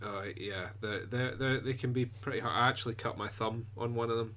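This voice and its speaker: A man's voice: mid-range voice, fairly even intonation, a little fast, sharp tone, a little hiss or hum. A man co-hosting a casual podcast chat, talking in an easygoing, rambling, self-deprecating way. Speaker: podcast co-host.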